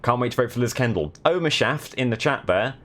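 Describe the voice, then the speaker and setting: A man's voice: mid-range voice, expressive, brisk, a bit bright, slight background noise. A young man from the south of England chatting casually while streaming a driving game, with dry, sardonic commentary. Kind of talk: casual gaming stream chat.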